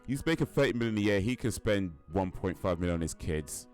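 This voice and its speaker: Low-voiced man chatting on a stream. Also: animated, brisk, a little mellow, faint music behind. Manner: rambling, answers chat, chuckles. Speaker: game streamer. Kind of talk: casual live-stream chat.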